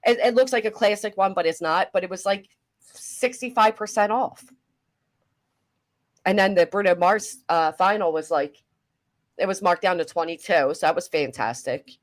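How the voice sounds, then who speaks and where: A middle-aged woman hosting a casual reaction chat, chatty and animated, swearing casually. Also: fairly low pitch, normal speed. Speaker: commentary host.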